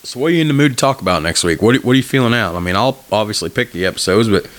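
Podcast co-host, male, 30s, lowish voice, rambling and joking delivery. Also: lively intonation, rapid-fire, a bit bright. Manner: joking, rambling, does voices in his stories. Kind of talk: casual podcast chat.

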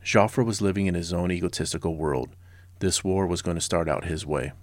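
Deep-voiced sarcastic history narrator. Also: male voice, fairly quick, no echo, clean studio sound. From Southern California. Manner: sarcastic and blunt, with casual personal asides. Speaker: podcast host.

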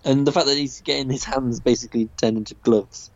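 A man's voice: medium pitch, fairly even intonation, brisk, a little mellow. Rambling man, slightly muffled. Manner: rambling, many fillers and restarts. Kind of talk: casual comic book discussion.

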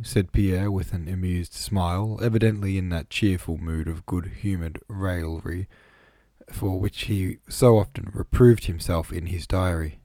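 A man narrating a classic novel as an audiobook, measured and even. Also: sits low, dry recording. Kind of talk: scripted narration.

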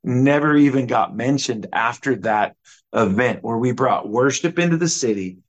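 A man's voice: medium pitch, lively intonation, normal speed, highs cut off. A man, a minister guest on a radio interview, earnestly recounting a worship event with fillers like "um" and "you know". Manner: earnest, fervent storytelling with fillers. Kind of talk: interview testimony.

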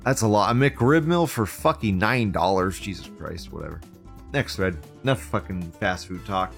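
A man hosting an online show, reading forum posts aloud and reacting with heavy swearing and sarcasm, moving between loud mockery and low muttering. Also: lively intonation, normal speed, gravelly, faint music behind. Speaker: livestream show host.

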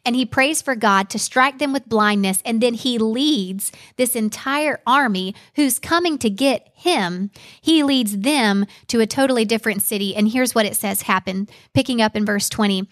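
A woman teaching a podcast Bible study, reading scripture aloud in an earnest, measured way. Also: on the high side, fairly bright tone.

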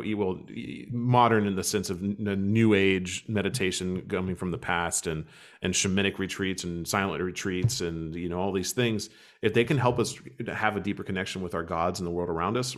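Lowish-voiced man hosting a podcast. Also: brisk. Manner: conversational, animated storytelling. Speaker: podcast host. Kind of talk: casual podcast chat.

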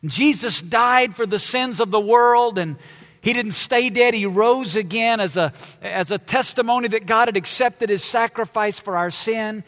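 A man delivers a sermon in a church auditorium, leaning hard on the words that matter most. His voice sits high and his pace is unhurried. Long hall reverb trails each phrase. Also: a bit bright. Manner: emphatic, slow preaching with drawn-out key words. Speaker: pastor.

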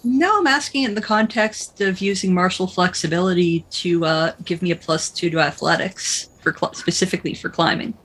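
Woman, player, lowish voice, precise rules talk. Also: brisk, hardly any pauses, fairly bright tone, slightly rough, low-quality recording. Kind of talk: casual tabletop play.

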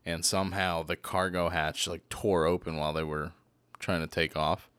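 A man's voice: deep voice, level tone, normal speed, fairly bright tone, smooth, dry recording. A man co-hosting a podcast, chatting casually and crudely, joking and laughing often. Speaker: podcast co-host.

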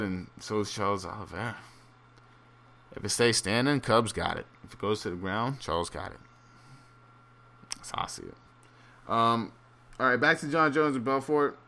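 A man's voice: fairly low pitch, bright, forceful tone. Rambling, profane man ranting casually. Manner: rambling and profane, many fillers and restarts; incredulous ranting. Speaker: solo fight commentator. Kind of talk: casual unscripted monologue.

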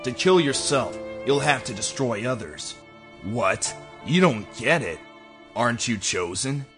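A man's voice: medium pitch, lively intonation, a little slow, close to an everyday voice. Man doing a taunting cruel male villain, sneering, music behind. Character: taunting male enemy assassin, cruel and mocking. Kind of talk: fan audio drama dub.

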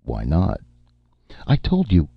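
A man voicing a capable woman agent in a spoken story, raising his pitch, brisk and insistent. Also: wildly swooping pitch, vocal fry, breathy edge, no room sound, full character voice. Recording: dull lo-fi, dry.

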